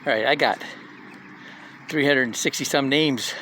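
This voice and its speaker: This mid-range male voice is bright and forceful, moving a little slowly, with slight background noise behind it. The speaker, a middle-aged man at a community live session, offers a casual motivational talk full of loosely told personal stories, often asking "right?".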